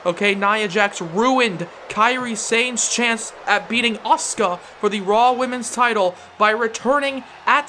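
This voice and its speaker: A young-adult host calling a wrestling video game, play-by-play, shouting out the big moves and laughing in disbelief. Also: mid-range voice, a little hiss or hum. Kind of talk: excited play-by-play commentary.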